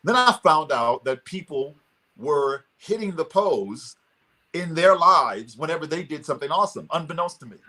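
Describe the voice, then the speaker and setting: A man's voice: a little high, normal speed, a little hiss or hum. A man speaking as an interview guest over a video call, telling a motivational story with energy and leading the audience in a pose. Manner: energetic, leads audience participation.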